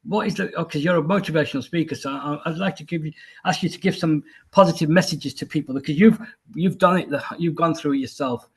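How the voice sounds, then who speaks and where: Man, host, husky, fairly high voice, halting phrasing. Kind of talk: live panel hosting.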